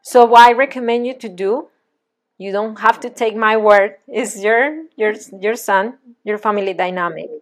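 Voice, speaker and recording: A woman parenting coach leading a one-on-one session in a gentle, guiding, reassuring manner. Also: mid-range voice, moderate pace.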